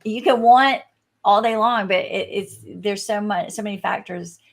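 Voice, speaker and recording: A woman's voice: mid-range voice, moderate pace, creaky. A woman who works as a coach, co-hosting a podcast in a casual, earnest conversational way.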